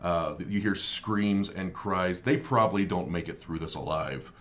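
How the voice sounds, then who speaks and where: A man narrating as game master of a tabletop role-playing game, pausing often with fillers and restarts. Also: low voice, a bit bright. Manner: halting, many fillers and restarts.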